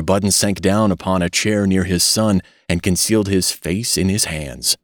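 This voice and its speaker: A man narrating a short story as an audiobook reading, in an expressive, dramatic storytelling manner. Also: sits low, normal speed, hardly any pauses, no echo, clean studio sound.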